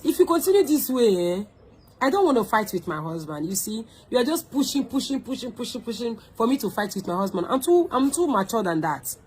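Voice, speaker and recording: A woman's voice: a little high, poor audio. A woman with a Nigerian accent, hosting her own online show, delivering a scolding, confrontational rant straight to the camera, mixing pidgin into her English and repeating phrases for emphasis.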